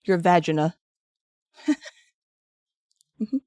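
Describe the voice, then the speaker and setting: A woman's voice: fairly low pitch, lively intonation, extremely slow, warm tone, dry recording. A woman streaming as she sculpts and paints, chatting casually and answering her viewers. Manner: chatty and rambling, answering chat with frequent restarts. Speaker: craft streamer.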